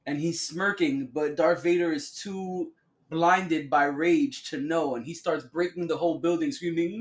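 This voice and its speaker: A man's voice: a little high, unhurried. A man co-hosting a casual podcast chat, talking in slang and acting out quotes with lots of energy. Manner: slangy, animated, acts out quotes. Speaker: podcast co-host.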